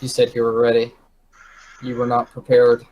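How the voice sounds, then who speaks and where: Joking, theatrical player, mid pitch, faint noise on the line. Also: monotone, moderate pace, a little mellow, muffled recording. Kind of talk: casual chat in a tabletop game session.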